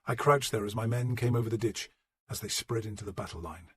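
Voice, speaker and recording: A man reading a historical novel as a first-person audiobook narration, measured and low-voiced. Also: fairly bright tone, slightly rough, dry recording.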